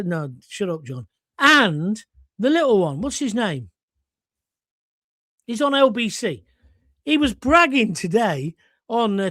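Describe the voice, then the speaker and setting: A man's voice: high voice, a bit bright, no room sound, studio quality. A middle-aged English man hosting his own political show, ranting bluntly with sarcastic asides. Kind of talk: opinionated live show monologue.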